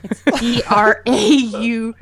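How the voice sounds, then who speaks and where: A woman's voice: a little high, takes it slowly, crowd noise. Chatty woman rambling with laughs. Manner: animated, rambling with frequent laughs and fillers. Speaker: podcast co-host. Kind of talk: casual chat.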